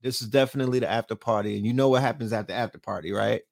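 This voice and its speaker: Gravelly, brash late-night stream host. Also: male voice, fairly low pitch, racing, a little mellow, dry recording, studio quality. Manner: profane, brash trash talk; frequent rhetorical asides to viewers. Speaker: livestream host. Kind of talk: late-night livestream chat.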